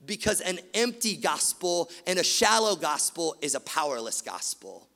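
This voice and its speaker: Gravelly preacher in an echoing hall. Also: male voice, fairly high pitch, normal speed. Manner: animated preaching, rising loud then dropping to hushed. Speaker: pastor. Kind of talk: sermon. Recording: long hall reverb.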